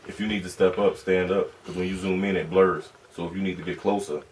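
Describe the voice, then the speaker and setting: A man with a very low voice chimes in with relaxed, offhand remarks from across a classroom. Faint room noise sits behind him. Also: quick pace. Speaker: class member.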